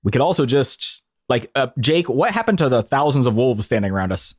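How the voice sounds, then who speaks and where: A man's voice: mid-range voice, big pitch swings, brisk, no room sound, studio quality. A man playing a tabletop role-playing game, chatting playfully and laughing often. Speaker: player.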